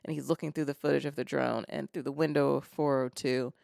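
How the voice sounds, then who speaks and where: A man's voice: medium pitch, level tone, quick pace, creaky, darkish tone, dry recording, studio quality. A man co-hosting a podcast, retelling horror film scenes in a casual chat with lots of fillers and restarts. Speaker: podcast co-host.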